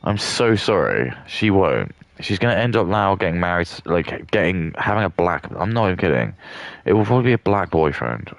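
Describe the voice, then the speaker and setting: A man's voice: low voice, expressive, brisk, vocal fry, few pauses, no echo. A man talking casually on a live stream, rambling and swearing as he rants. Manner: rambling, profane, heated ranting.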